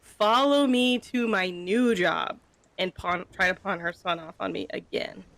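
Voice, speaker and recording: A woman telling anecdotes in a casual voice chat, quick and filled with "like". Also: medium pitch, vocal fry, a bit bright. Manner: fast anecdotes full of "like". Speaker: streamer's friend.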